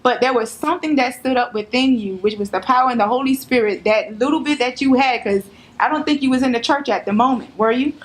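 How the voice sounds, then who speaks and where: A woman hosting a church-style interview, animated and affirming, with preacherly asides. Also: a little high, quick pace. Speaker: interview host.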